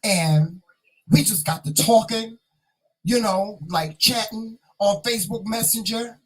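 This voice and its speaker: A man from North Carolina, chatting casually on his vlog as host, repeating himself and sounding proud and excited. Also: high-pitched, a little slow, low-quality recording.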